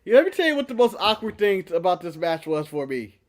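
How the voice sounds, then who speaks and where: A high-pitched man co-hosting a loose wrestling chat show. He talks in an animated, joking way and laughs a lot. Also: fast. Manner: animated, jokey, breaks into laughter and mock voices. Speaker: podcast co-host. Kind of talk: casual wrestling recap chat.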